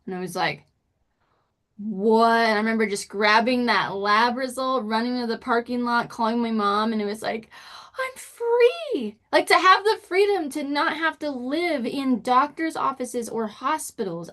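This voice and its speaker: A middle-aged woman, a podcast guest, telling her personal story in casual conversation with lively, expressive pitch jumps. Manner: expressive, pitch jumps when acting out quotes.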